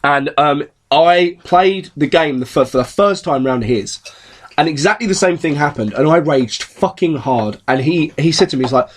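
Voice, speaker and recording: A man with a fairly high voice tells a rowdy story on a podcast, swearing freely. His delivery is casual and animated, and the anecdotes tumble out one after another. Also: normal speed. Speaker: podcast co-host.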